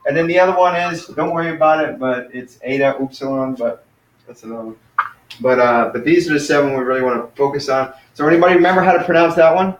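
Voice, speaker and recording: A man teaching an online class in an informal way, thinking aloud and sounding out vowels slowly. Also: on the high side, a little hiss or hum. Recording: distant, dull, roomy screencast audio.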